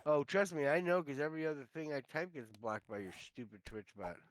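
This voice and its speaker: Excitable man gaming with a friend, slightly high voice. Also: a little fast, no room sound. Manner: excitable, complaining, sarcastic. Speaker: co-player on the stream. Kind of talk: casual gaming chat.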